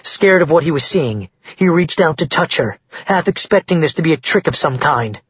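A man narrating a story in a measured, quiet manner. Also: a little high, expressive, husky, no room sound, dull audio. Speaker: audiobook narrator. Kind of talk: scripted narration.

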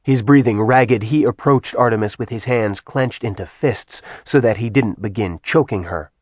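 A man reading a dramatic fantasy audiobook aloud in steady, dramatic storytelling narration. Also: medium pitch, moderate pace, dry recording. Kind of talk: scripted narration.

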